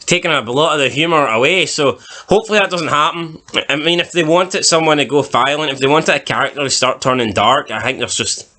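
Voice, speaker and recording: A man's voice: a little high, a little fast, pushed and bright. A man co-hosting a casual TV review chat, recapping plot points in a dry, skeptical way. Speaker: TV review podcast co-host.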